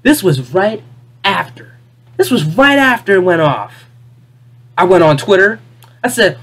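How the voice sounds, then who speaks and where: An exasperated vlogger talks straight to the camera in an unplanned rant. The voice swings between loud, incredulous outbursts and low, deflated muttering. Points come back again and again, mixed with rhetorical questions. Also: expressive, measured pace, pauses often, slightly rough. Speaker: video creator ranting about a cartoon finale.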